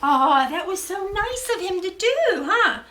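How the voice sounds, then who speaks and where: An older woman hosting a children's storytime show, talking to puppets in a gushing, animated way. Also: extremely high pitch, a little slow, roomy sound, low-quality recording. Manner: gushing, sing-song and animated. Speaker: storytelling host.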